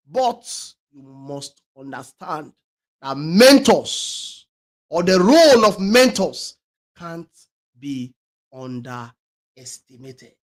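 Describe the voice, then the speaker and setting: A high-pitched man hosting a talk show gives a slow, emphatic motivational talk with big pitch swings. He hammers points with loud stresses and repeated key phrases, stumbles through many restarts, and lets some words trail off almost to a murmur.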